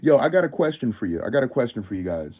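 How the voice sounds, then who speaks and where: A man hosting a livestream, telling a story in an animated, slangy, casual way. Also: mid-range voice, very fast, husky. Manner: animated, slangy, many fillers. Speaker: livestream host. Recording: tinny phone-like sound.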